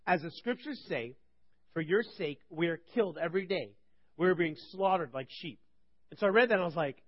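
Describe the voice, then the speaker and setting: Young male Bible teacher, talky and rhetorical, slightly high voice, dull dry audio. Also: lively intonation, a little fast, no echo. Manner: conversational, rhetorical questions, swings between loud and quiet. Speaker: preacher.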